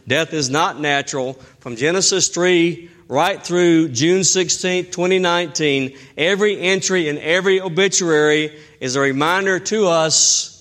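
A male pastor delivering an impassioned sermon outdoors, his voice sitting a little higher than most men's. He builds to loud, urgent peaks, then falls back to a low, quiet intensity. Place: outdoors in the wind.

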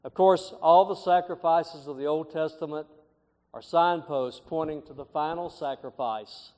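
Man, middle-aged pastor, sermon, emphatic, slightly high voice, long hall reverb. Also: measured pace, darkish tone. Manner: emphatic preaching with rising, swelling phrases.

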